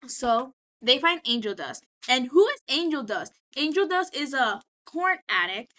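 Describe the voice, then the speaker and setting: A woman's voice: high-pitched, bright, forceful tone. A tipsy woman rambling sassily as she recaps a show in a casual vlog. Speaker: vlogger.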